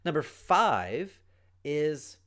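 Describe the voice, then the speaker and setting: A man's voice: on the high side, very animated, extremely slow, a bit bright. A middle-aged man hosting a solo parenting podcast, explaining earnestly and acting out quoted lines as he goes. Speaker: podcast host, parenting coach.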